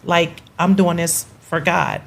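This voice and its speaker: A woman chatting on a talk show about her husband, lively and teasing. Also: on the low side, slow, gravelly. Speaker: guest wife. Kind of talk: casual chat.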